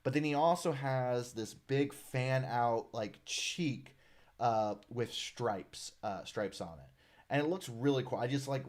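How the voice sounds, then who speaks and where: Casual man chatting on a live stream. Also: medium pitch. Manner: relaxed, friendly, many "uh"s, reads viewer comments aloud. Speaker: live stream host, designer of a character art project. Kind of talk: casual live stream chat reading comments.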